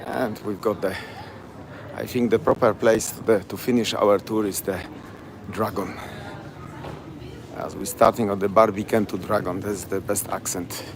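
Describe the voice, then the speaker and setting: A Polish-accented man talks his way down city streets as a tour guide, in halting, chatty English. His voice sits low, and traffic and street sounds hum clearly behind him. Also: steady tone. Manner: chatty, broken English, repeats place names. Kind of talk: live-streamed walking tour. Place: outdoors on city streets at night.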